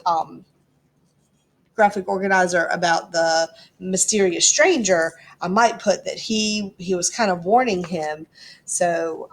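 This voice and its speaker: A woman teacher reading a storybook aloud and explaining it to her class in a chatty way. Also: fairly low pitch. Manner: chatty, explanatory, frequent ums.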